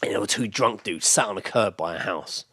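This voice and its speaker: A man co-hosting a podcast, telling stories quickly in casual chat, swearing and acting out what people said. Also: on the low side, fairly bright tone, husky, no echo, studio quality. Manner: rapid storytelling, swearing, acting out quotes. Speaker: podcast co-host.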